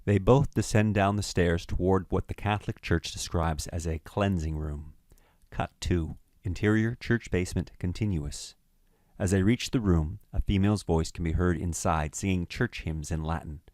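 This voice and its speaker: A man narrating a screenplay's stage directions in a measured, matter-of-fact way. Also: low voice, a little mellow, no echo, studio quality.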